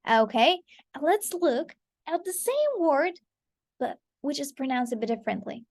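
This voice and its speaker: A woman's voice: high-pitched, unhurried, no room sound. Woman teacher with a dry close sound. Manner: repetitive, checks in often with "okay" and "right". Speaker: English teacher. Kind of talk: online pronunciation lesson.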